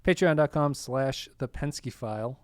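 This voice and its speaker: A man's voice: medium pitch, moderate pace, dry recording. Easygoing male podcast host, dry sound. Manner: easygoing, talkative, reads a long list of names. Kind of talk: casual chat and sponsor thank-yous.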